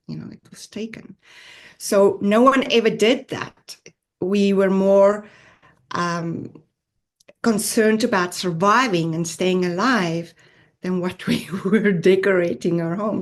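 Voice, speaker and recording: South African woman, podcast guest, unhurried earnest storyteller with a mid-range voice. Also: mid-range voice. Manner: earnest, reflective, with soft laughs. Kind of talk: personal storytelling interview.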